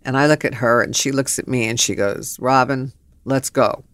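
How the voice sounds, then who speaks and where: A middle-aged woman hosting a podcast, telling stories in an animated, blunt way, laughing and swearing. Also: rumbling low, fairly quick, no room sound. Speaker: podcast host. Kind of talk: storytelling monologue.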